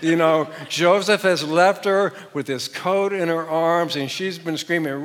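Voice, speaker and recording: A male pastor preaching with an animated, joking storytelling manner, his voice sitting a bit high for a man. The sound carries a long hall reverb from the church sanctuary. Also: a little slow, few pauses. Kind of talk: sermon.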